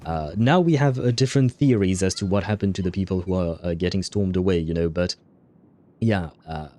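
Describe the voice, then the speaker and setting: Rambling low-voiced male streamer. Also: a little fast, dark tone, faint music behind. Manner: rambling, many fillers, frequent laughs. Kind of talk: casual livestream chat reading viewer comments.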